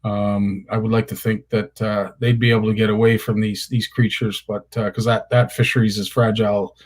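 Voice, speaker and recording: A middle-aged Canadian man hosts a fishing talk show, his voice on the low side with a flat, brisk delivery. He chats casually, telling rambling anecdotes full of restarts.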